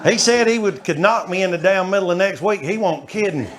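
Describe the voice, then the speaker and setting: A middle-aged man telling stories in a stand-up comedy set, animated and calling out to the audience. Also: high voice, fairly quick. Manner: animated, shouting asides to the audience. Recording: live show with faint crowd noise.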